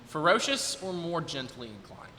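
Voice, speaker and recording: A young man in his twenties talks casually to an audience from the stage, thinking aloud and hesitating as he goes. His voice is bright and forward. It rings with the long reverb of a recital hall, over a faint hiss of noise. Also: fairly high pitch, very animated, moderate pace. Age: 20s. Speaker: recital performer talking to the audience.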